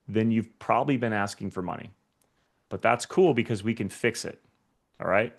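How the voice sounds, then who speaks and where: Energetic man coaching sales agents. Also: mid-range voice. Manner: energetic, addresses the audience directly, acts out short scenes. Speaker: guest speaker coaching real estate agents. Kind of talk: motivational sales training talk.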